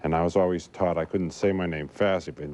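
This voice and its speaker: Low-voiced man, halting studio guest. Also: fairly even intonation, darkish tone. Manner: halting, many fillers. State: stutters. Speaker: guest researcher. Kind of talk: studio interview.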